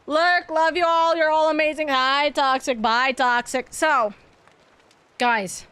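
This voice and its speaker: A woman's voice: sits high, fairly even intonation, slow pace, a bit bright, no echo. A young woman streaming to her viewers, chatting casually and gushing, often repeating herself. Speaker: VTuber streamer. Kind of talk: casual chat to livestream viewers.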